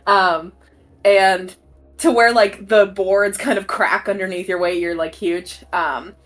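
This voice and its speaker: A woman's voice: mid-range voice, fairly even intonation, slow pace, fairly bright tone, faint music behind. A woman narrating as game master in a tabletop game, casual and full of fillers.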